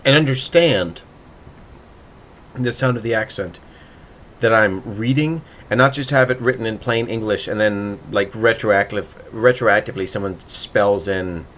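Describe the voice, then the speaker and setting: A man's voice: on the low side, a little slow, fairly bright tone, slight background noise. A man hosting a casual writing livestream, thinking aloud and muttering to himself as he works.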